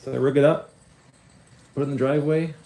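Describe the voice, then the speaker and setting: A man hosting a model railway livestream, chatty and excitable, greeting viewers by name and laughing often. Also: mid-range voice, quick pace. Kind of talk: casual live-stream chat with viewers.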